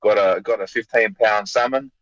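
An Australian man, a fighter from South Australia, chatting in a relaxed interview, often repeating words and calling people mate. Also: fairly low pitch, normal speed, no room sound, muffled recording. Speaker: guest, mixed martial arts fighter. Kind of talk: casual interview over a line.

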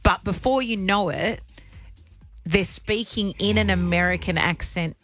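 A woman's voice: mid-range voice, unhurried, fairly bright tone. Aussie lady radio host, chatty and self-deprecating, faint music under her. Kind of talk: casual radio banter.

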